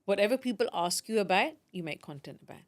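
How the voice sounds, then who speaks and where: A woman at an ordinary pitch talks chattily as a podcast guest. She gives advice in a lively, emphatic way and circles back over her own phrases. The recording is dry and close, with no room sound. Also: quick pace, dry recording. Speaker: podcaster and teacher. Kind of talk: casual interview chat.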